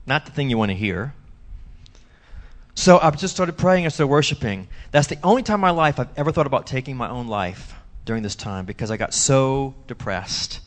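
A man preaching a sermon as pastor, telling stories emphatically and swinging between loud bursts and hushed low lines. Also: animated, moderate pace. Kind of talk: sermon testimony. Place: church.

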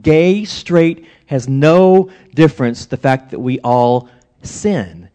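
A man's voice: a little high, slow, clear, resonant tone. A middle-aged man, a pastor, preaching a sermon and telling stories with acted-out quotes. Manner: animated storytelling with acted-out quotes.

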